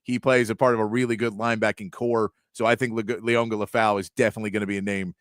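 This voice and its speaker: Sports talk host reading off names. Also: male voice, lowish voice, little pitch movement, fast talker, no room sound, clean studio sound. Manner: reads off long lists of names, stumbling on some.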